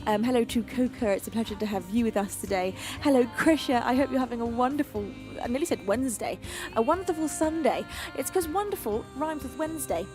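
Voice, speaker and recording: Woman from the UK, high voice, gushing live-stream host, faint music under her. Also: brisk. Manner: gushing, affectionate, laughs often. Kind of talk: casual chat reading out chat messages.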